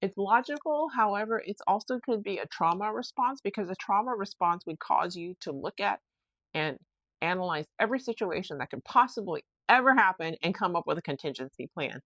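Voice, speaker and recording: A woman's voice: mid-range voice, animated, fairly quick, fairly bright tone, dry recording. A young woman hosting a solo podcast, rambling in a chatty, self-reflective way. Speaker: podcast host. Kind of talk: casual solo podcast chat.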